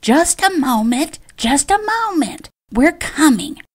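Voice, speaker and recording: A woman's voice: high-pitched, big pitch swings, slow pace, voice pushed up, exaggerated voice. A woman voicing a spiteful aunt who screeches and complains indignantly in an audiobook. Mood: screeching. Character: shrill, spiteful middle-aged aunt.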